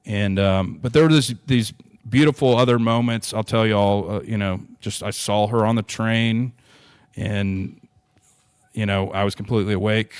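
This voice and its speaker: A young man speaks as a podcast guest, recounting a personal story with earnest feeling and frequent restarts. His voice sits low and stays fairly level in pitch, recorded dry with no room sound. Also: fairly even intonation, moderate pace, clean tone, no echo. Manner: earnest, heartfelt, rambling with many restarts.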